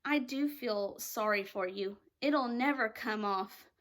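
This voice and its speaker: A glum, mournful male earthworm from a storybook, always expecting the worst, as a woman reads him aloud. The voice sits high and bright, delivered in a dry, doom-laden way. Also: slow pace. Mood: gloomy. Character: gloomy pessimistic male earthworm.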